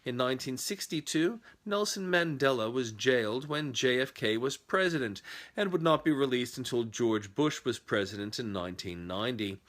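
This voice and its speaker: A man narrates a run of historical dates in a steady, scripted read. His pitch sits in the middle range, and he drops in dry, wry asides between the facts. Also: moderate pace.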